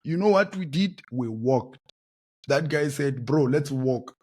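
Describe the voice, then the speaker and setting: A South African man in his late twenties tells his own story on a podcast. His voice is husky and slightly breathy at a middling pitch. He speaks in an animated way, repeats phrases and breaks into loud exclamations. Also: a little slow. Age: late 20s. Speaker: podcast host. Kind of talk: personal storytelling monologue.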